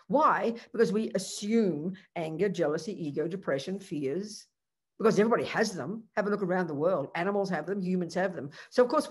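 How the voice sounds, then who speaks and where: A woman speaking as a Buddhist nun at a mid pitch, teaching a group in an earnest, conversational way. She poses rhetorical questions, restarts her sentences and adds frequent asides to her listeners. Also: slightly rough.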